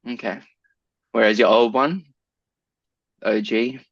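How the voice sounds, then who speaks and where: A man's voice: mid-range voice, fairly even intonation, slow, slightly rough, no room sound. Man, podcast co-host, casual chat, playful, laughs a lot, dull close recording. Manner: jokey, laughs often, asks questions.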